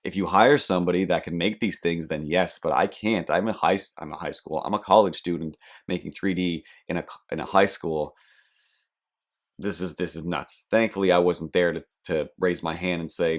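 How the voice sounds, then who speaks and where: A young man hosting a podcast, telling a rambling, self-deprecating comic story with animated asides. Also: deep voice, normal speed. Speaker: podcast host. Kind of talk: comedic storytelling monologue.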